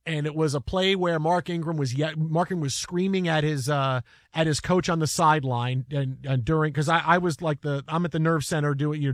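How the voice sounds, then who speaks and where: A man with a fairly high voice tells a story at a rapid clip, stumbling and restarting as he goes. The sound is dry and close. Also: fairly bright tone, dry recording. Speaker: podcast host and broadcaster. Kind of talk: casual storytelling chat.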